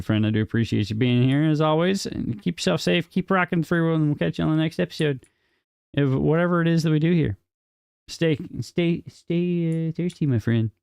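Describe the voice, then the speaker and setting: A man's voice: mid-range voice, creaky, darkish tone, clean tone, dry recording, studio quality. A man live-streaming a city-building game, chatting casually and joking with viewers in chat while he plays. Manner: chatty, jokey, talks to chat viewers by name.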